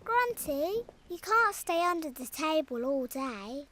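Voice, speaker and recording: A woman voicing a gentle, cheerful little girl bunny in a preschool cartoon, speaking softly and patiently to reassure a friend. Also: sits high, big pitch swings, slow pace, a loud crowd, heavily acted. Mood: reassuring. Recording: studio voice with music underneath.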